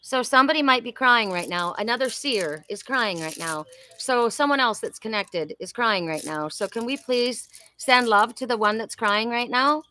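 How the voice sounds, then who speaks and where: A woman's voice: on the high side, moderate pace, bright, forceful tone. A woman in her sixties hosting a live oracle reading, chatting effusively and talking to viewers by name. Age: 60s. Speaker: host.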